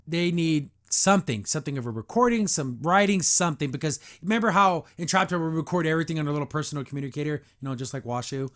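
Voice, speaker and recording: High-voiced exasperated male podcast host. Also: expressive, brisk. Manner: exasperated and sarcastic, frequent "like" fillers. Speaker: podcast host reviewing a cartoon. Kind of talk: casual review commentary.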